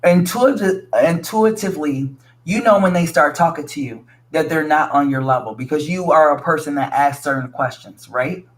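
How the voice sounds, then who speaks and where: A man's voice: on the high side, moderate pace. A man giving a casual tarot reading to his viewers, talking bluntly and frankly, swearing freely and calling the listener sweetie. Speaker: tarot reader.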